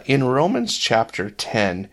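A man's voice: mid-range voice, huge pitch swings, slow, fairly bright tone. A man co-hosting a faith podcast, telling a personal story in earnest and acting out the voices of others. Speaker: podcast co-host. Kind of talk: casual faith discussion.

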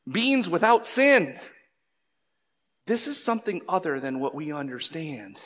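A man preaching a sermon, emphatic, swinging between loud bursts and hushed lines. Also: a little high, sing-song, unhurried, pauses often. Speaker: pastor. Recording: long reverb of a large hall.

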